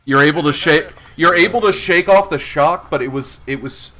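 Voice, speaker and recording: A man's voice: on the high side, moderate pace, pushed and bright. A man running a tabletop game as game master, narrating with many fillers and restarts. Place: live stream.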